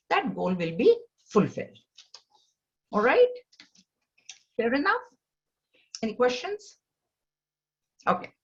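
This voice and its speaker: A woman teaching a scripture class, earnest, often restarting her sentences and rising in pitch to stress her points. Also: highs cut off. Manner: earnest, repetitive, with many restarts. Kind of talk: spiritual lesson on scripture.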